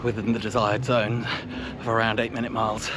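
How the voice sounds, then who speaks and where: A man's voice: fairly low pitch, little pitch movement, a little fast, noisy background. A man chatting casually while out of breath after a run, upbeat and self-mocking. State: out of breath, sweating. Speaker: running vlogger. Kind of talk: casual chat while training. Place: outdoors on urban roads.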